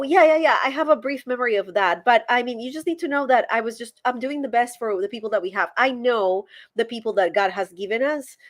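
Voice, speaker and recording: A woman from Colombia with a Colombian Spanish accent, a former pastor in casual conversation, acting out quoted dialogue as she tells stories. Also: mid-range voice.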